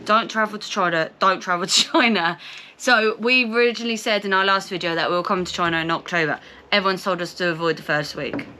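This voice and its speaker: A young woman with a Portsmouth English accent, chatting animatedly and reading viewer comments aloud on a travel vlog. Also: fairly low pitch. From England. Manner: chatty and animated, quick reactions. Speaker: travel vlogger.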